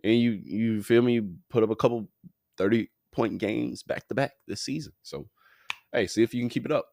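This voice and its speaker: A man's voice: mid-range voice, normal speed, vocal fry, darkish tone, no room sound, clean studio sound. A man hosting a casual sports podcast. He sounds tired and yawns, and his talk is slangy, profane, loose and rambling. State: tired, yawning.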